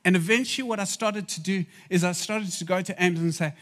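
A man's voice: high voice, fairly quick, hardly any pauses. Man preaching a casual sermon. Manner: conversational, asides to the audience.

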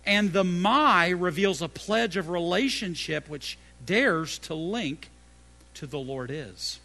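A middle-aged male pastor preaching a sermon, swinging between loud emphatic peaks and hushed low phrases, and repeating key phrases for emphasis. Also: animated, a little slow.

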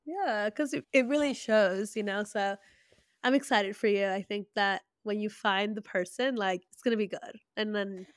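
A young woman co-hosting a podcast, warm, encouraging and effusive in casual chat. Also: medium pitch, moderate pace, smooth, no room sound, clean studio sound. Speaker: podcast co-host.

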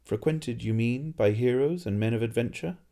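A man's voice: mid-range voice, normal speed, mellow, voice pushed up, close to an everyday voice. A man doing an eager, formal tourist. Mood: earnest. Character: naive polite male tourist.

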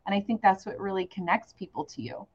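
A woman in her forties hosts a relaxed interview and speaks encouragingly to her guest. Her voice is mid-pitched, and the audio is a bit dull and lo-fi. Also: quick pace. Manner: encouraging, warm affirmations. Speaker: host. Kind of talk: casual interview chat.

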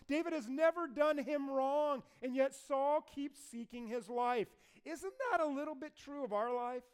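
A man preaching a sermon to a congregation. He tells the story in a lively way and acts out the voices of the figures. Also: very high voice, smooth. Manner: animated storyteller acting out voices. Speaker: pastor.

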